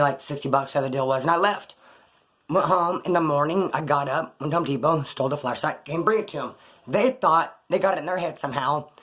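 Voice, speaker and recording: A man's voice: on the high side, fairly bright tone. A middle-aged man telling rambling prison stories in casual, profane street slang. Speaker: storyteller recounting prison life. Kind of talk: casual monologue.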